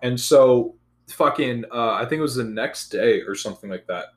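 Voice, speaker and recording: A young man in casual chat, telling a profane, animated story about school. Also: mid-range voice, moderate pace. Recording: roomy echo.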